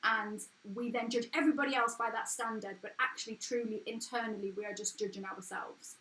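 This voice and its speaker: A woman's voice: a little high, fairly even intonation, brisk, bright, forceful tone. A woman in her thirties with an everyday English accent, hosting a casual motivational live stream from home, talking frankly and earnestly in a chatty way. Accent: English, not posh. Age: 30s. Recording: echoey room.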